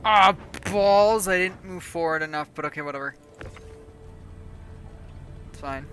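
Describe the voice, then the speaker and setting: A woman's voice: low voice, steady tone, moderate pace, a bit bright, soft background music. A woman from Canada, chatting casually and self-deprecatingly while streaming a game, often muttering to herself. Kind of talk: casual livestream chat while gaming.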